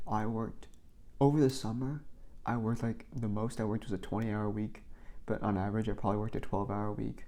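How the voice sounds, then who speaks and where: A young vlogger casually recounts work stories, his talk full of filler, many "like"s, and restarts. He has a fairly low, mellow voice, steady in tone and brisk in pace.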